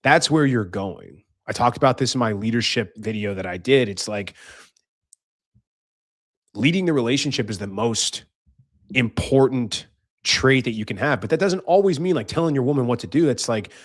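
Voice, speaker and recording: A man's voice: medium pitch, animated, normal speed, no room sound, clean studio sound. A young man hosting a podcast, giving life advice in a blunt casual monologue, swearing freely and acting out voices. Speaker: podcast host.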